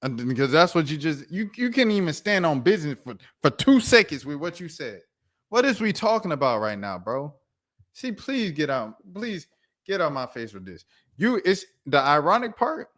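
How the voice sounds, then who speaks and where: A man's voice: fairly high pitch, normal speed. Fired-up young man ranting about sports news. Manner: animated, incredulous rants with slang and repeated "bro". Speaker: sports commentary host. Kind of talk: reacting to news while reading articles aloud.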